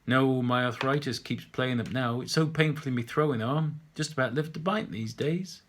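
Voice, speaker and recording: A man's voice: mid-range voice, normal speed, a bit bright, a little hiss or hum, close to an everyday voice. A man reading a story aloud and voicing a lonely, chatty elderly widower who rambles on. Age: older.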